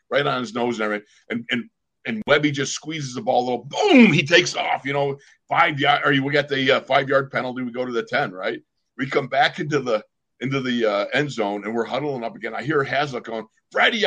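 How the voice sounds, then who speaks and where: An older man, a former pro football player, telling lively sports stories on a casual podcast. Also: medium pitch. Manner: animated storyteller, acts out other people's lines.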